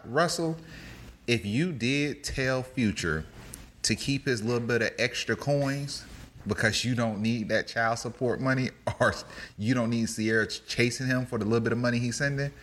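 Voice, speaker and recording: A man co-hosting a casual news talk show, animated and joking, with plenty of slang. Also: mid-range voice, moderate pace. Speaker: podcast co-host.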